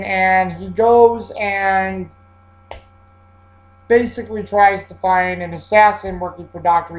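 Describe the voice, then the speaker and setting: Rambling casual movie reviewer, mid pitch. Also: rough recording. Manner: rambling, with frequent fillers and restarts. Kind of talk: casual spoken film review.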